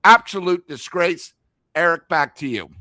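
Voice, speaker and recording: A man's voice: a little high, animated, measured pace, pushed and bright, dry recording. A man co-hosting a fan sports talk stream, blunt and disgusted. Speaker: podcast co-host.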